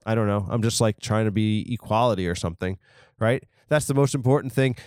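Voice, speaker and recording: A man's voice: fairly low pitch, fairly quick, darkish tone, no echo, studio quality. A man hosting a comedy podcast, riffing crudely and rambling on news headlines. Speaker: podcast host.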